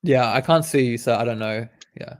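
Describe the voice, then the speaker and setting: A man's voice: medium pitch, normal speed. A young man, a medical student, reading quiz questions aloud and explaining the answers in a laid-back, casual way. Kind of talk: casual quiz study session.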